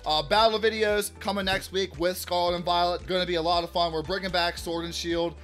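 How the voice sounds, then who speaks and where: A man hosting a casual card-opening vlog, chatty and upbeat, shouting out big pulls and often restarting his sentences. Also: high voice, fairly even intonation, a little fast, faint music behind. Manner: chatty, hypes big pulls loudly, self-correcting restarts. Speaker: card-opening channel host.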